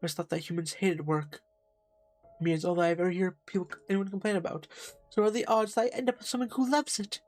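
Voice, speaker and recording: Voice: medium pitch, steady tone, quick pace, darkish tone, faint music behind, close to an everyday voice. A streamer reading a lonely, jealous partner's lines with bitter sarcasm while playing a narrative game. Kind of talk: voicing a game character.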